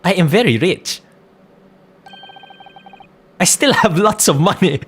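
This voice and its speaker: A woman's voice: fairly low pitch, animated, slow pace, slight background noise. A woman voicing a boastful young noble boy in disguise, speaking in a smug, childlike way for a fan dub of a video game.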